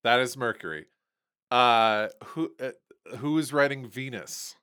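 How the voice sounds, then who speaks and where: A man co-hosting a podcast in casual chat, playful and joking, with halting restarts. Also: mid-range voice, bright, forceful tone, smooth. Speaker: podcast co-host.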